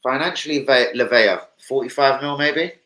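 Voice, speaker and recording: A man's voice: mid-range voice, normal speed, sharp tone, rough recording. A young man chatting casually on a football fan livestream, rambling, swearing and reading out viewer comments. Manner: swearing, rambling, reads chat aloud. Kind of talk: casual live-stream chat.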